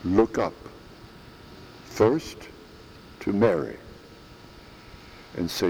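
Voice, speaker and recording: Slow, emphatic male preacher in a hall. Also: medium pitch, very animated, darkish tone, a little hiss or hum. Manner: slow, emphatic, repeats phrases for stress. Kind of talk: sermon. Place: church.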